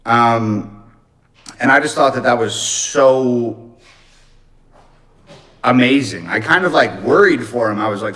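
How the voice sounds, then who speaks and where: A man tells a personal story on a livestream, loose and rambling, with frequent swearing. His voice sits at a middle male pitch. He retells dialogue with lively back-and-forth. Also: slow pace, long pauses, low-quality recording. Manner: profane, rambling, animated retelling. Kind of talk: casual storytelling.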